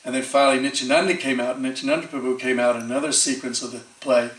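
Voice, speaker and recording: Brief: male temple speaker, lively storyteller, recorded from a distance in a roomy hall. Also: mid-range voice, rapid-fire. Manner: animated storyteller acting out quoted voices, frequent fillers. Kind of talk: storytelling sermon. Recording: echoey hall, distant mic.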